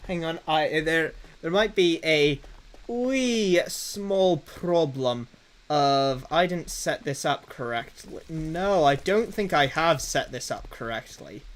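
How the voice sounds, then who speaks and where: A man chats on a live game stream in an unhurried, drawn-out way. His voice sits somewhat high for a man, and he stops and starts as he fiddles with his setup. He keeps a dry, self-mocking humour throughout. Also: fairly bright tone, poor audio. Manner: halting, fumbling through tech setup with many restarts. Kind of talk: casual live-stream chatter.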